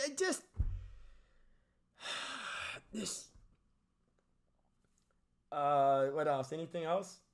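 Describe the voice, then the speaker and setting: Movie reviewer, male, high bright voice, slow exasperated profane rant, stammers and restarts. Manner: mocking sarcastic asides. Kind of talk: unscripted rant.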